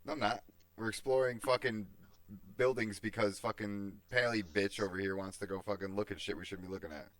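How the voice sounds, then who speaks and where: A man's voice: on the low side, fairly even intonation, brisk, fairly bright tone. A man playing a tabletop game over voice chat, telling crude jokes and laughing often. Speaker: player. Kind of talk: casual tabletop game banter.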